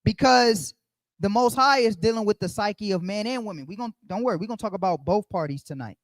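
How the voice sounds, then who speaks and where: A man's voice: high voice, lively intonation, a little fast, no echo. A man leading a Bible study, preaching conversationally and emphatically, repeating his key phrases as he speaks straight to the group.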